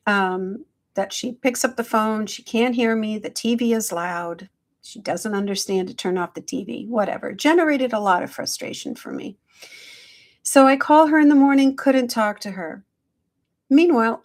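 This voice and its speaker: Middle-aged woman, spiritual host, unhurried gentle live chat into a phone. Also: medium pitch. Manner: slow, gentle, affectionate, greets viewers by name. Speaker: hypnotherapist livestream host. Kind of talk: casual live-stream check-in.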